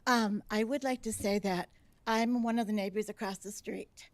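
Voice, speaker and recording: A woman's voice: mid-range voice, fairly even intonation, normal speed, dry recording. A woman resident giving a rambling, earnest public comment at a city commission meeting, speaking into a podium microphone. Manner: earnest, rambling, a little emotional. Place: city council chamber.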